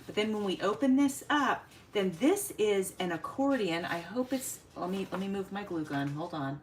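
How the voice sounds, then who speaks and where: A woman's voice: mid-range voice, lively intonation, moderate pace. Lady chatting w viewers while she crafts on a live stream, laughs a lot, bit of faint noise behind. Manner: chatty, greets viewers by name, laughs often. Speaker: craft livestream host. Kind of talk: casual livestream chat while crafting.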